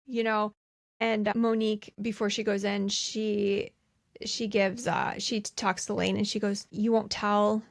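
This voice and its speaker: A woman's voice: medium pitch, level tone, measured pace. A woman co-hosting a podcast, casually retelling film scenes and acting out the characters' lines between laughs. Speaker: podcast co-host. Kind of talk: casual movie recap chat.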